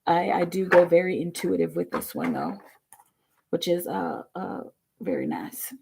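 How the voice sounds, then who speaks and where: A woman with a tired, bass-heavy voice, rambling chattily with many fillers as she gives a live online tarot reading. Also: sing-song, unhurried, gravelly, background noise. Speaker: tarot reader.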